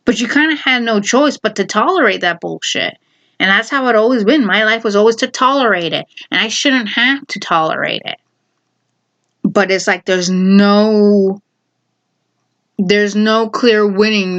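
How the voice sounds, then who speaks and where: A woman's voice: mid-range voice, a bit bright, highs cut off. A woman vlogger telling a personal story in casual talk, heated and exasperated, swearing freely.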